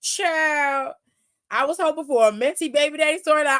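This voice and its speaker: A woman host giving a sassy, animated wrestling recap full of slang and swearing. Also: high voice, normal speed. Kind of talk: casual recap commentary.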